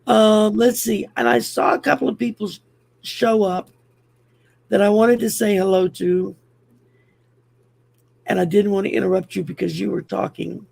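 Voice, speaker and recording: A woman's voice: medium pitch, fairly even intonation, moderate pace, gravelly, long pauses, darkish tone. An older woman from France with a French accent, hosting a rambling, chatty livestream full of ums. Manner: rambling, chatty, many ums, laughs at herself. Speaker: host. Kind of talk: casual livestream chat.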